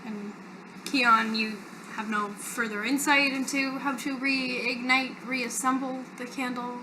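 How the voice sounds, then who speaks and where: A woman playing a tabletop game in character, asking measured, probing questions. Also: high-pitched, steady tone, background noise. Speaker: player.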